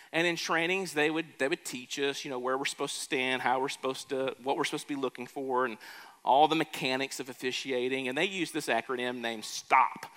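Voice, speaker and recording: A pastor preaching a sermon, emphatic, slowing and lifting his voice on key words. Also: mid-range voice, pushed and bright. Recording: hall reverb.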